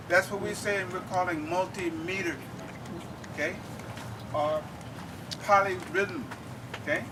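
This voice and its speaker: A man with a fairly high voice leads a drumming lesson, explaining each idea to the crowd and checking in with a quick "okay?" The mic sits well away from him. Outdoor noise stays clearly present behind him. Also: fairly even intonation, far from the mic. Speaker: drum instructor. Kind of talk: lecture-demonstration. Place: outdoor campus event.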